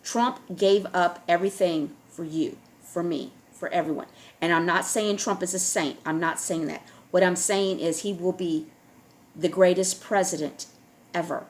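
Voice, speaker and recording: A woman's voice: mid-range voice, a bit bright. A woman vlogger speaking in an emphatic, repetitive monologue to her viewers, often checking in with "all right?".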